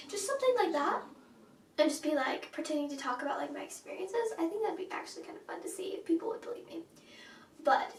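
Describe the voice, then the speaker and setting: A woman's voice: high-pitched, animated, moderate pace, vocal fry, roomy sound. Girl vlogger, casual chat, rambling with fillers, distant mic, faint music. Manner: chatty, rambling, with fillers and repeats. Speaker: channel host.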